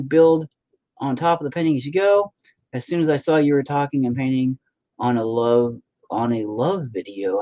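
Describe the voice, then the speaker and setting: A man's voice: mid-range voice, darkish tone. A man in his forties chatting casually on a live stream, rambling, profane and sarcastic. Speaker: live-stream host and musician.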